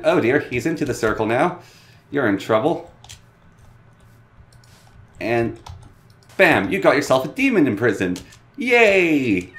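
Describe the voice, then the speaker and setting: A man hosting a casual, joking game tutorial in a playful manner. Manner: playful and joking, bouncing pitch.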